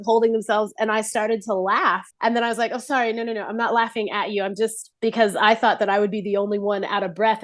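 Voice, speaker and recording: An Australian woman, a guest performer, chatting in a lively way and laughing often, speaking over a laptop call. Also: medium pitch, no room sound. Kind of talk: casual interview chat.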